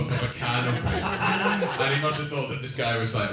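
A man, a comedian guest on a live podcast, talking candidly and rambling with dark jokes. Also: fairly low pitch, brisk, few pauses, crowd noise. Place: live comedy venue with audience. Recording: echoey venue, distant mic.

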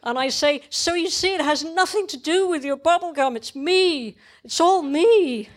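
A woman's voice: high voice, normal speed, voice pushed up, close to an everyday voice. A woman reading aloud in the voice of a small, anxious, put-upon girl, her tone plaintive. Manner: plaintive, rising into upset. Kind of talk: reading a cartoon monologue aloud.

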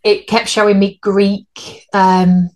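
A woman's voice: medium pitch, flat delivery, slow pace, a little mellow. A woman, co-hosting a podcast in casual chat and laughing at her own slips. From United Kingdom. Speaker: podcast co-host.

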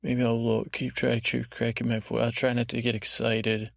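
A man rambles through a slow bedtime monologue with a low, gravelly fry in his voice. He keeps a lulling, drowsy tone and trips over his own words with many restarts. The sound is close and dry, with no room around it. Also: completely flat delivery, no echo. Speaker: podcast host.

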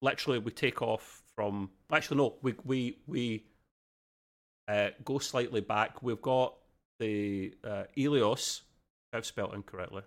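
A man's voice: fairly low pitch, measured pace. Chatty Australian man reviewing a show. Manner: rambling, enthusiastic, frequent restarts and fillers. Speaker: podcast co-host. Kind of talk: casual review chat.

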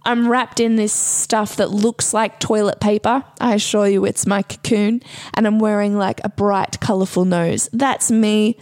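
A woman's voice: mid-range voice, fairly even intonation, unhurried, a little mellow. A woman hosting a solo comedy podcast, talking in a playful, rambling, self-mocking way.

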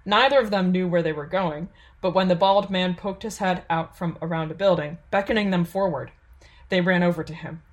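A woman reads a fantasy audiobook in a steady, measured storytelling voice. Her voice sits fairly low for a woman, and she keeps an even, unhurried pace through the narration. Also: highs cut off.

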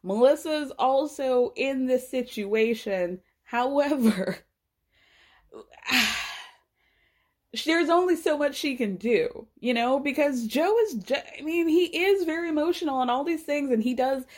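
Animated, higher-voiced woman podcast host. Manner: animated, swears freely, mimics cast members in quick asides. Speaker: podcast host recapping reality TV. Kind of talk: casual chat.

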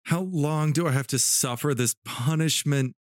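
A man's voice: a little high, normal speed, no echo, clean studio sound, lightly acted. A man voicing a frustrated, cursed young man who mutters miserably. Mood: miserable.

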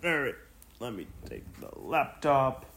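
A man's voice: medium pitch, huge pitch swings, measured pace, gravelly, fairly bright tone. A man co-hosting a casual chat podcast, teasing and dry as he reads listener posts aloud. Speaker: podcast co-host.

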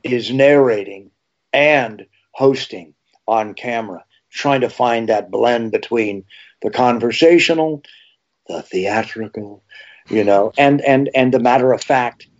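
A man, an actor and horror TV host, telling rambling animated anecdotes in a casual interview. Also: mid-range voice, a little slow. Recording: slightly dull lo-fi sound.

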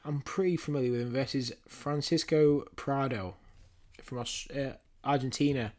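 A man's voice: mid-range voice, steady tone, normal speed, a little mellow. A man co-hosting a podcast, joking and rambling as he runs through fight picks in casual chat. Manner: jokey, rambling, laughs often. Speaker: podcast co-host.

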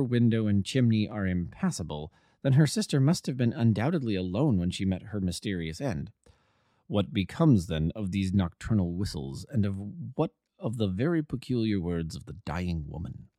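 A man's voice: on the low side, dark tone, no echo, studio quality, natural voice. Sherlock Holmes, read by a man, coolly reasoning. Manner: measured, reasoning aloud. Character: cool, analytical male detective.

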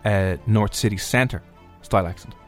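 A man's voice: fairly low pitch, faint music behind. An Irish man co-hosting a radio show, chatting casually and teasing his co-host. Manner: chatty, teasing, quick asides.

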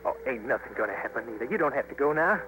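An actor playing an earnest young trapper with a plainspoken, folksy drawl, in a 1950s radio drama. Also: male voice, medium pitch, expressive, racing, music in the background, lightly acted, rough recording. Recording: hissy 1950s radio broadcast.

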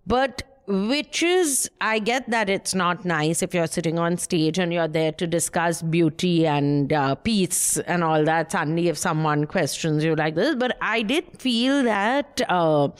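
A woman's voice: fairly low pitch, a little slow, hardly any pauses, clean tone. A woman co-hosting a podcast, chatty and laughing often, with frequent fillers. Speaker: podcast co-host. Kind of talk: casual chat.

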